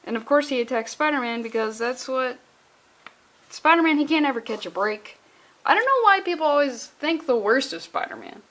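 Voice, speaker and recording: A woman's voice: sits high, lively intonation, moderate pace, a bit bright. Sarcastic, foul-mouthed young woman. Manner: sarcastic, profane, rambling. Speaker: comic book reviewer. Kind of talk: casual comic review vlog.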